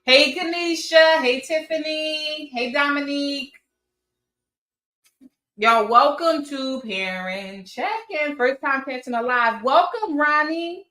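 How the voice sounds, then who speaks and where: A woman's voice: high voice, takes it slowly, bright, forceful tone, echoey room. A woman hosting a casual livestream, greeting viewers by name and chatting loosely, sometimes swearing. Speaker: livestream host. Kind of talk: casual live chat.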